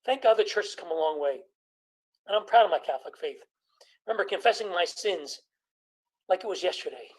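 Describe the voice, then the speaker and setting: A man in his sixties doing a stand-up comedy routine, telling stories about his childhood with quick jokes and impressions of his family. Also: high-pitched, lively intonation, low-quality recording.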